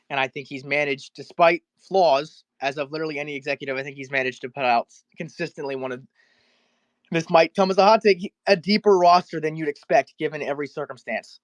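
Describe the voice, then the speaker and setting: A man with a fairly high voice calls in to a live fan discussion. He lays out his points in a measured, analytical way with the occasional soft filler, and his sound is close and dry. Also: dry recording. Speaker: caller, fan content creator. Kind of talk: casual call-in discussion.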